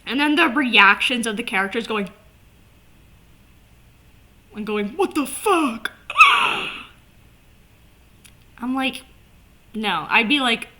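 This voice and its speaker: A woman vlogger chatting casually to camera, animated and swearing, with lots of "like" fillers. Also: a little high, measured pace, pauses often.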